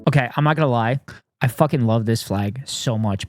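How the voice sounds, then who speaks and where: A man's voice: medium pitch, brisk, soft background music. A man streaming from home, reacting to videos in casual chat, swearing freely and telling stories. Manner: profane, riffing and storytelling.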